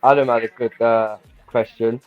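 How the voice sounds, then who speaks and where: A man's voice: mid-range voice, little pitch movement, normal speed. Hesitant man on a dull stream. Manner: hesitant, full of fillers. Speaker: host. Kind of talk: casual livestream chat. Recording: dull dry stream with faint music.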